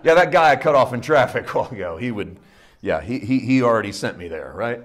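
A middle-aged man preaching a sermon, dropping into hushed low asides and rising to loud emphatic peaks. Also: animated, quick pace. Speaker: pastor.

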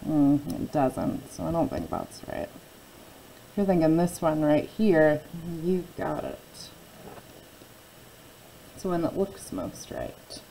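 Female teacher, low gravelly voice, patient phonics lesson for kids. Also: lively intonation, warm tone, slight background noise, rough recording. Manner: patient, drawn-out word modeling. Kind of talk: phonics lesson for young children.

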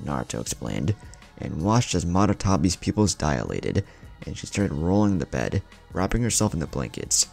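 A man reading a fan story aloud as narrator, in an animated way. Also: deep voice, moderate pace, vocal fry, faint music behind. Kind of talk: scripted narration.

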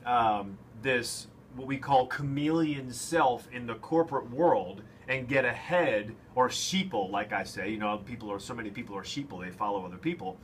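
A man's voice: mid-range voice, moderate pace, hardly any pauses, a little hiss or hum. Man hosting a radio talk show. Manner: interviewing, asks questions and reacts with laughs. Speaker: radio host.

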